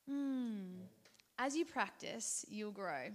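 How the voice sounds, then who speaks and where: Higher-voiced woman sharing an earnest testimony. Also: moderate pace, fairly bright tone. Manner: conversational, storytelling with fillers and restarts; earnest and heartfelt. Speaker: Christian speaker. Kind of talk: personal testimony in a devotional talk.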